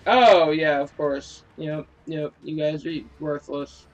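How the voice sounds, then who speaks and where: A man talks casually over his gameplay, cracking jokes at his own expense and swearing freely. His voice sits fairly high, and he speaks slowly and unhurriedly. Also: highs cut off. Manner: joking, self-mocking, swears freely. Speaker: gaming video creator.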